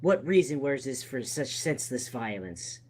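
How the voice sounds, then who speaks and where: A man voicing a gruff, bandaged male dwarf adventurer who makes blustering threats at a captive. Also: medium pitch, big pitch swings, moderate pace, a little mellow. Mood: demanding.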